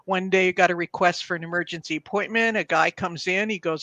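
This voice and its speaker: A woman in her sixties, a coach being interviewed, telling stories in a measured, earnest way and acting out the dialogue in her anecdotes. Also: fairly low pitch, steady tone, pushed and bright, dry recording. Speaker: guest, executive coach. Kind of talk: interview storytelling.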